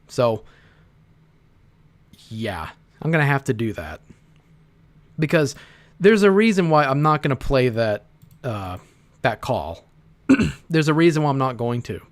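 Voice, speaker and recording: A man hosting an informal commentary. His delivery is rambling and halting, with many restarts and casual swearing. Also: medium pitch. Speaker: host.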